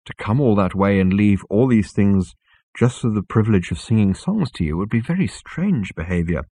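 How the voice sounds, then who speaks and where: A man voicing a gentle, vague hermit who muses softly and answers questions with more questions. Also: on the low side, expressive, normal speed, breathy edge, no echo. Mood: musing. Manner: mild, musing, softly questioning.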